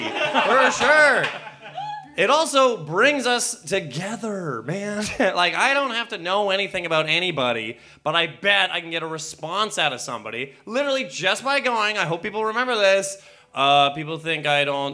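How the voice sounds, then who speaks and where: A man's voice: high-pitched, very animated, normal speed. A man from Canada giving a rambling, swearing comedic debate speech on a theatre stage. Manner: loud, rambling, swearing, laughing. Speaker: comedian contestant.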